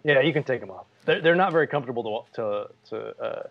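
A man's voice: mid-range voice, animated, quick pace, vocal fry. Jokey storytelling man, lo-fi recording. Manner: jokey, storytelling, laughs often. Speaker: podcast co-host. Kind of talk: casual chat.

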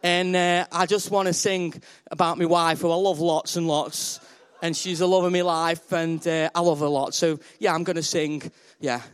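A man's voice: fairly high pitch, flat delivery, smooth, pitched below the performer's own voice, close to an everyday voice. A man playing a shy hopeful contestant. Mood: bashful. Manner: bashful, halting, sweetly earnest. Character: shy hopeful male talent-show contestant.

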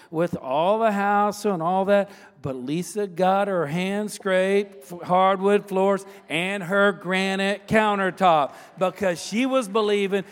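High-voiced pastor preaching in a hall. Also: male voice. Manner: storytelling with conversational asides and repeated phrases. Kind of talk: sermon. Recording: long reverb of a large hall.

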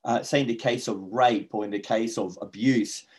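A man's voice: mid-range voice, steady tone, moderate pace, a little mellow. A man hosting a faith talk show, speaking in an earnest, preachy way and often ending points with tag questions. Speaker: host.

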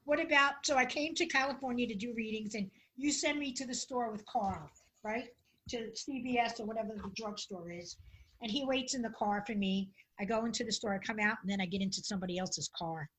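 A woman's voice: on the high side, fairly quick, fairly bright tone, slight background noise, low-quality recording. A woman co-hosting a podcast, chatting casually and telling self-mocking stories with plenty of laughter. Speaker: podcast co-host. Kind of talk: casual chat.

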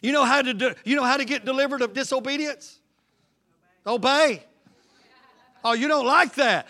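A man's voice: very high voice, normal speed, long pauses, bright, forceful tone. A man preaching a fervent sermon as pastor, repeating lines and calling out to the congregation. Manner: fervent, repetitive call-and-response preaching.

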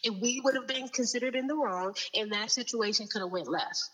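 Bright, animated woman in chat. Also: on the high side, brisk, low-quality recording. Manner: animated storytelling, repeats herself. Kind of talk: casual conversation.

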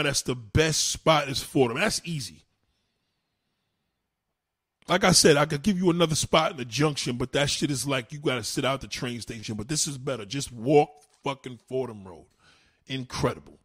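A man's voice: mid-range voice, moderate pace, a bit bright, breathy edge. A man, likely in his thirties, ranting crudely and emphatically on a casual livestream. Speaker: livestream host. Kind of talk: profane casual rant.

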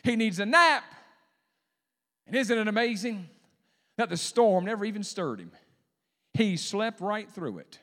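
Preaching man in a reverberant hall. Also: sits high. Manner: builds from calm to loud, drawn-out preaching. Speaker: pastor. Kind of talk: sermon. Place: church.

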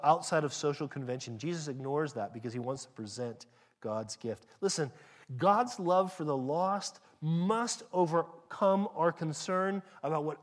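A man with an American accent preaching a sermon in a lively, conversational way, often restarting sentences and acting out little exchanges. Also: a little high. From California. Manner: animated, conversational preaching with restarts and acted asides. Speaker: pastor.

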